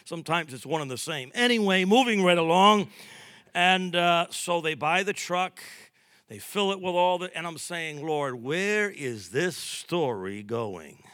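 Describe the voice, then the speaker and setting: A man preaching a sermon as a pastor, telling stories with acted-out dialogue in a lively, humorous way. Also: sits high, normal speed, dry recording, clean studio sound. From New York.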